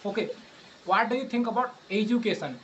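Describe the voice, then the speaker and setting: A man's voice: sits high, expressive, fairly quick, fairly bright tone, soft background music, low-quality recording. A man in his twenties from India with an Indian English accent, an English trainer who patiently repeats and rephrases his questions. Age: 20s. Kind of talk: casual English practice conversation.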